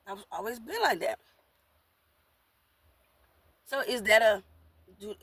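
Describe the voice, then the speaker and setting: A woman talks straight to camera in a loose, candid monologue, blunt and repetitive, circling back to the same points while she eats. Her voice is husky and a little breathy, pitched at an ordinary middle height. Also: no room sound. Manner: rambling, blunt, repeats herself. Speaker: vlogger.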